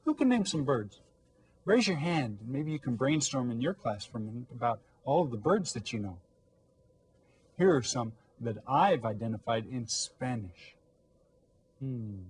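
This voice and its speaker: A man with a husky, breathy voice teaching young children, patient and encouraging. He explains each word slowly and asks the class to repeat after him. His pitch sits mid-range for a man. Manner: patient, encouraging, prompts kids to repeat words. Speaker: Spanish teacher. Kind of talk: recorded elementary language lesson.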